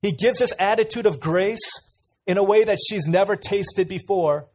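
A man's voice: high-pitched, moderate pace, darkish tone. Conversational man preaching a sermon. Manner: conversational, asks the audience questions, tells anecdotes.

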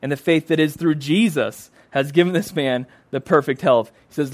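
A man's voice: on the high side, normal speed, few pauses, dry recording. A man preaching a sermon, emphatic and repeating phrases for stress.

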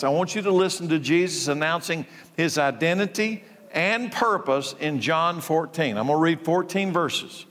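Slow, emphatic preacher in a reverberant hall. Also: male voice, on the high side, a bit bright. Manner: emphatic, repeats key words, thinks aloud. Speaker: pastor. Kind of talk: sermon. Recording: long reverb in a large hall.

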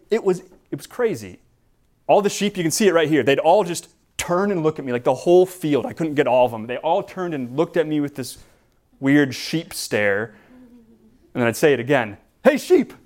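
A man preaching a sermon as pastor, in a relaxed, conversational way with frequent restarts and repeated words. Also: on the high side.

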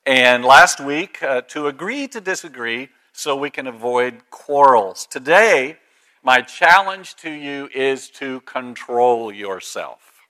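A man's voice: mid-range voice, lively intonation, slow pace, pushed and bright. A male pastor giving a sermon in a conversational way, with frequent ums and uhs.

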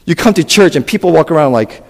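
A man preaching a sermon as a pastor, animated, acting out quoted voices and asking the congregation questions. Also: fairly high pitch, quick pace. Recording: long hall reverb.

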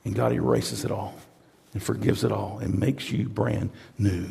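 A man preaching a sermon as pastor, dropping to hushed tones and then building to loud, emphatic, repeated phrases. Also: lowish voice, fairly even intonation, moderate pace, gravelly, husky.

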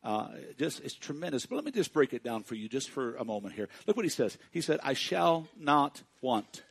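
A man preaching a sermon to his congregation, speaking directly to them and swinging between hushed and loud passages. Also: medium pitch, big pitch swings, fast talker, breathy edge. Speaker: pastor.

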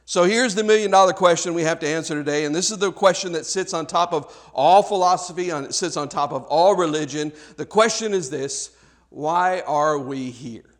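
Man, pastor, sermon, high voice, conversational, frequent restarts, addresses congregation. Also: brisk, hardly any pauses. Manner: speaks directly to the congregation.

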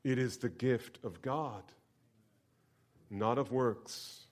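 A man preaching a sermon to his congregation, swinging between loud emphatic bursts and hushed near-whispers and leading them in call-and-response. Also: medium pitch, slow pace. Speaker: pastor. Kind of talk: expository sermon.

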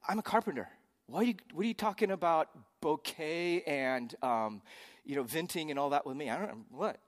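A man's voice: a little high, expressive, brisk, in a large hall, voice pushed up, natural voice. A man acting out a young adult man sarcastically brushing off his mother, in an exasperated tone. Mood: sarcastic.

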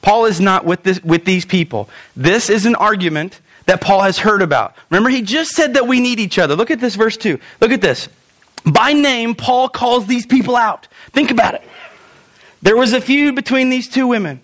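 A man's voice: sits high, normal speed. A man preaching a sermon as pastor, joking with the congregation and acting out pleading quotes. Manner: animated, jokey, acts out pleading quotes.

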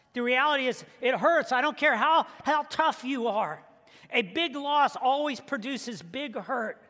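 A male pastor preaches in a high, bright, forceful voice that rings through a church sanctuary with a long reverb. His prayer is soft and hushed, and his storytelling is lively, with the characters acted out. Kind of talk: sermon with prayer and joke.

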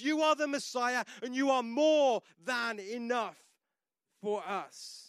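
A male pastor with a notably high voice delivers a sermon that moves from personal storytelling to emphatic declarations. The sound is close and dry, with no room around it. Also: slow pace, a bit bright, clean tone, dry recording.

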